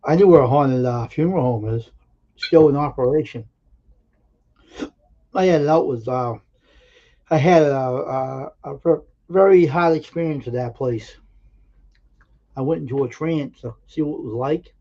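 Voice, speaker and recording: A man with a dark, mellow voice tells stories on a live stream, earnest and emphatic, often pausing and restarting his sentences. The audio is dull and lo-fi. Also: medium pitch. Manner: earnest, emphatic anecdote-telling with halting restarts. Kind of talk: casual storytelling on a live stream.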